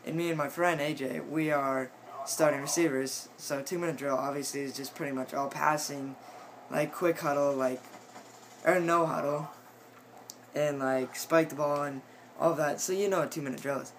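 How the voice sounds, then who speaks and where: A teenage boy, a high school football player, telling a rambling story in a casual vlog, full of fillers and restarts. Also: fairly even intonation, moderate pace, a little hiss or hum, poor audio. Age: teens.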